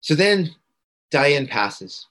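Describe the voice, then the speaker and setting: A man's voice: a little high, very animated, drawn-out words, a bit bright. A man, a guest on a podcast, earnestly telling a personal story and emphatically repeating key words. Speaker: podcast guest, integration coach.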